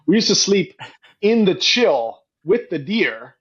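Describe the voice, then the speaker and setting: A middle-aged man telling stories in a casual podcast interview, animated and quick to act out what others said. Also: high-pitched, breathy edge, dull audio. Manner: animated storyteller, acts out quoted voices, frequent "like". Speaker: guest, company co-founder and CEO.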